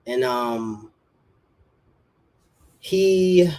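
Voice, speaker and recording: A man's voice: mid-range voice, animated, drawn-out words, mellow. Slangy young man telling a story. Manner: slangy, rambling, says bro and like a lot. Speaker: podcast guest. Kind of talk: casual testimony storytelling.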